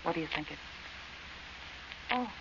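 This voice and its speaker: An actress playing a frightened young woman camping by a well, speaking in a hushed, uneasy voice in a 1940s radio drama. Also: sits low, lively intonation, moderate pace, gravelly, muffled recording. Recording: hissy old radio recording, slightly distant.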